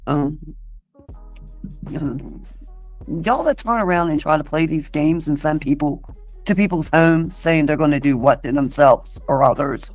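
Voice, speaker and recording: A woman's voice: low-pitched, a little slow, pauses often, darkish tone, dry recording, faint music behind. A woman on a livestream in an angry, indignant rant, cursing and defensive.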